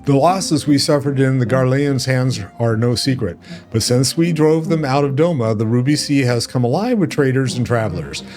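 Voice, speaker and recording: A man's voice: mid-range voice, lively intonation, moderate pace, a little mellow, faint music behind, close to an everyday voice. A man voicing a blunt, mercenary male pirate captain from a video game, reading the lines aloud boldly. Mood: gruff. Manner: bold, boastful, reads game lines aloud with small stumbles.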